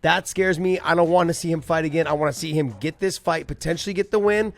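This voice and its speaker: A man's voice: fairly high pitch, fairly even intonation, fast, vocal fry, background noise. A man co-hosting a casual sports podcast, joking and teasing as he talks. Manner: joking, teasing, laughs easily. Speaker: podcast co-host.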